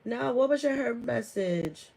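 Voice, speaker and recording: A woman's voice: fairly high pitch, animated, a little slow, creaky, darkish tone, slightly rough, poor audio. Chatty woman hosting a live stream. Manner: chatty, laughs often, many fillers; reads viewer comments aloud and answers them. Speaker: herbalist host of a live stream. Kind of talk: casual live-stream chat.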